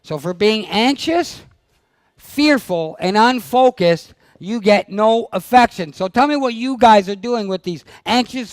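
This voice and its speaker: Male seminar leader, high-pitched and gravelly, blunt and needling with his audience. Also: dry recording. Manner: blunt, teasing, fires questions at the audience. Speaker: dog trainer leading a seminar. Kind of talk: live seminar talk to an audience. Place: seminar room.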